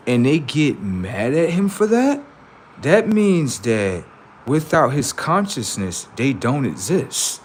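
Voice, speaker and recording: Talking to his chat, this livestream host preaches and rambles, swearing freely and using street slang while sliding between quiet mutters and sudden loud bursts. His delivery is sing-song, slow and husky.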